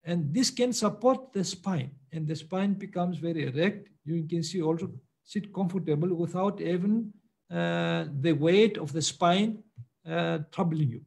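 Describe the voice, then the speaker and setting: Male meditation teacher, high gravelly voice, halting and patient delivery. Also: darkish tone. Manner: hesitant, many pauses and fillers, patient. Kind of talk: answering questions in a meditation class.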